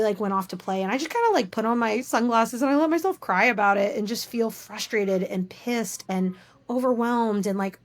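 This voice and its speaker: A woman's voice: mid-range voice, no echo. A woman in her thirties, a podcast guest, talking openly and telling stories with animation. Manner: open, animated storytelling. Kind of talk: casual interview chat.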